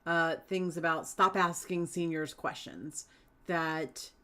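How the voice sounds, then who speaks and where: Woman host, lower voice, conversational, asks questions and shares opinions. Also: takes it slowly, pushed and bright. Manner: conversational, asks and gives her own view. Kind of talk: interview questions.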